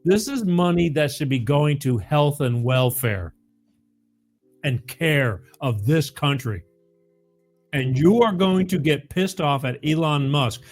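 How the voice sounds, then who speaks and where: A man's voice: fairly high pitch, animated, takes it slowly, soft background music. Emphatic male talk-show host. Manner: emphatic, swears freely, stumbles and restarts. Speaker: podcast host. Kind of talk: opinionated political talk.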